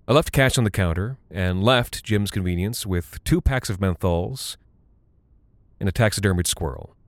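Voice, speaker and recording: A man narrating a scripted horror story in the first person, with a dry, deadpan delivery. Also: deep voice, takes it slowly, pauses often, dry recording.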